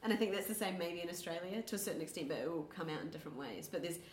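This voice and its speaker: A young New Zealand woman with a low voice rattles along quickly in casual chat, full of likes and restarts. The room around her rings with echo. Soft ambience lingers behind. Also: a little hiss or hum. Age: young adult. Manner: quick, rambling, many fillers. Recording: echoey room.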